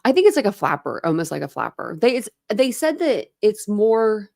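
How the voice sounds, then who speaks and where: An American woman hosting a casual livestream from her room at home, drifting from one topic to the next with plenty of laughs and fillers. Her voice has a noticeable gravelly fry, and her pitch sits in the middle range for a woman. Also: sing-song, moderate pace, darkish tone. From United States. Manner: chatty and rambling, with frequent laughs and fillers. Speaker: true crime livestream host. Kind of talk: casual livestream chat with viewers. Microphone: desk camera setup.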